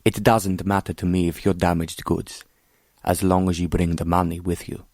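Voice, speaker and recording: A man's voice: sits low, flat delivery, moderate pace, darkish tone, no room sound, studio quality. A man playing an arrogant scheming prince who speaks coldly and mockingly. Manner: mocking, cold, condescending. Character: cold scheming foreign prince, arrogant villain.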